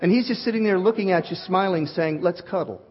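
Animated high-voiced preacher in a hall. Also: male voice, quick pace, slight background noise. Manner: animated, joking with congregation. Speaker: pastor. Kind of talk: sermon. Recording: dull recording in a reverberant hall.

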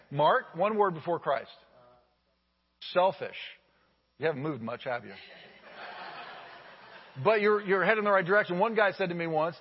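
A man preaching a sermon as pastor, telling stories in an animated way that swings from loud to hushed. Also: fairly high pitch, breathy edge. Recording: dull lo-fi audio with long hall reverb.

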